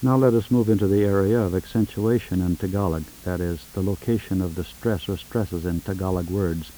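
A man with a low, very dark and mellow voice reads out a formal phonetics lesson in a measured, precise manner. He prompts an informant word by word, and it sounds like an old 1970s tape recording. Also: steady tone, slight background noise, low-quality recording. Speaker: linguist recording a language informant. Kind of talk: formal scripted phonetics demonstration.

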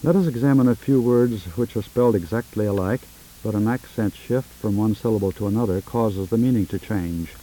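A man with a deep, mellow, very dark voice speaks in a measured and precise way. He leads a formal phonetic session. The sound is that of an old 1970s tape recording. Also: rough recording. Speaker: linguist interviewer.

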